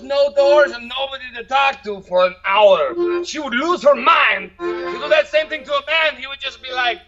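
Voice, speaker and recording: A man's voice: very high voice, fairly bright tone, dull audio. A man doing an open-mic stand-up set who keeps checking how the audience reacts to his jokes. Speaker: stand-up comedian.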